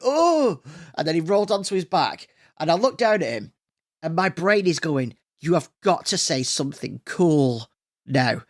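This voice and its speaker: A man hosting a solo podcast, chatting casually and rambling with plenty of fillers and restarts. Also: on the high side. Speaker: podcast host.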